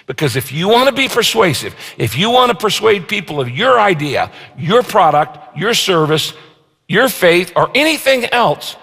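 A man's voice: high voice, very animated, vocal fry, fairly bright tone, husky. Emphatic male pastor preaching in a reverberant hall. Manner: emphatic, slows down to stress key phrases. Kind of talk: sermon. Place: church sanctuary.

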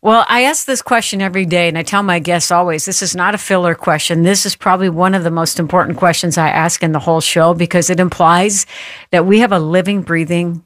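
A woman's voice: fairly low pitch, steady tone, a little fast, no room sound, clean studio sound. A woman hosting a Christian talk show with fervent, affirming interjections, welcoming a guest and reading announcements.

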